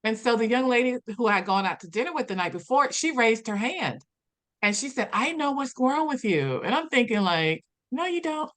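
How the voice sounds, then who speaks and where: Woman, podcast guest, personal development coach, animated storytelling, acts out quoted lines. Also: brisk. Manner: animated, acts out quoted dialogue with big pitch jumps. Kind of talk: storytelling interview answers.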